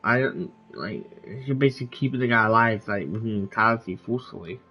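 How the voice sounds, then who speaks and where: A man's voice: on the low side, brisk, breathy edge, highs cut off. A man streaming a game and commenting on it in a casual, rambling way, full of fillers and restarts. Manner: rambling, filler-heavy chatter. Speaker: gaming streamer.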